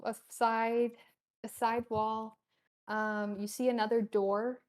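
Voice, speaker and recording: Brief: a woman with a raised pitch as a game master, slow and halting, giggly, lots of fillers. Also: little pitch movement. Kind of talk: casual tabletop narration.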